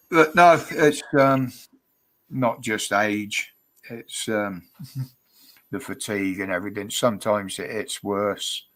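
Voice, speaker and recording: A man's voice: lowish voice, takes it slowly, long pauses, fairly bright tone. A man hosting a casual livestream chat, rambling, laughing and cheeky. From United Kingdom. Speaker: livestream host.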